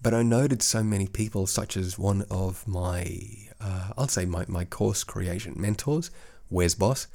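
Deep gravelly man with faded Australian accent. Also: unhurried, a little mellow. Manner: rambling, many restarts and self-corrections. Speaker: podcast host. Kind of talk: casual solo podcast monologue. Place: home recording studio. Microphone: studio microphone.

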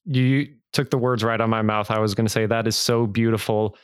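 A man hosting a podcast interview, responding in an appreciative, measured way. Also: fairly low pitch, fairly even intonation, clean tone, no room sound, studio quality. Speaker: podcast host. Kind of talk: interview conversation.

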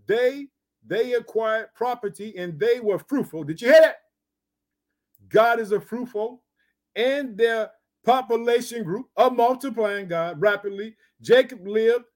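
A man preaching a sermon, reading scripture aloud and stopping often to ask if listeners heard it. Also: sits high. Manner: emphatic, repeats "did you hear that?".

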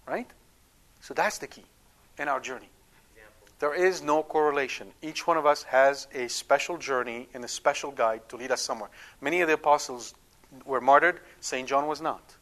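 Emphatic man with a bright voice. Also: mid-range voice, moderate pace. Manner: emphatic, checks in with "right?"; acts out quoted prayers. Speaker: Catholic teacher. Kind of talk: catechetical talk.

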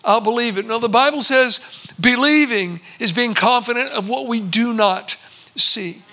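A man in his sixties preaching a sermon, telling stories and slowing for emphatic pauses. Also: very high voice, pushed and bright. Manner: storytelling, with slow emphatic pauses. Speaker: pastor.

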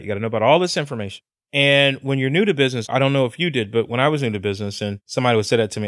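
A middle-aged man co-hosting a podcast, talking casually with lots of cursing, laughter and animated storytelling. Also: lowish voice, no echo, clean studio sound. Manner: profane, animated storyteller who laughs often. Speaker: podcast co-host.

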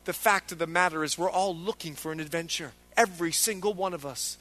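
A man's voice: high-pitched, expressive, a little fast, a bit bright. A male pastor preaching a sermon with emphatic delivery, acting out biblical figures in quoted lines.

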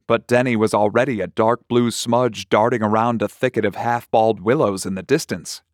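A man narrating a short story in a slow, measured, deliberate reading. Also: lowish voice, steady tone, dry recording, clean studio sound.

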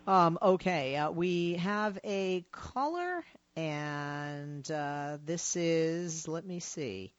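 Radio show host, mid-pitched voice, dry, dull lo-fi sound, direct. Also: expressive, extremely slow, dry recording. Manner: direct, pointed questions.

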